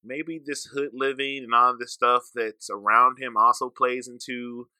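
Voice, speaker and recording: A man's voice: medium pitch, flat delivery, unhurried, bright, forceful tone, clean tone, dry recording. A man co-hosting a podcast, talking in a laid-back, reflective way and swearing casually. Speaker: podcast co-host. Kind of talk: casual chat.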